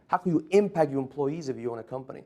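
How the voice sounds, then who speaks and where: A man's voice: mid-range voice, expressive, racing, mellow. Brief: male keynote speaker, emphatic, storytelling, mid-range voice. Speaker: motivational speaker. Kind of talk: conference keynote speech.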